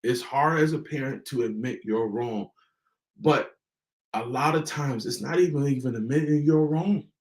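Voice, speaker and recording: Man, motivational host, preacher-like emphasis, repeats key words, echoey room, mid pitch. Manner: preacher-like, emphatic repetition and pauses. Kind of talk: motivational talk to parents.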